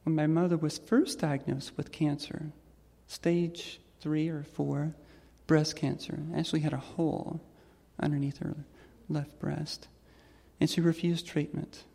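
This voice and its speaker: A trans woman telling a personal story on stage to an audience in a reflective, gentle way. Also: sits low, flat delivery, a little slow, creaky, breathy edge. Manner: reflective and gentle, with soft laughs. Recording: long hall reverb.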